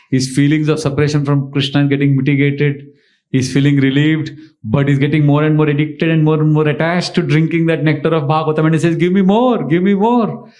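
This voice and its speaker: Man giving an animated devotional lecture. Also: mid-range voice. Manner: animated storytelling with emphatic rhetorical questions. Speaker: spiritual teacher. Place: temple lecture hall.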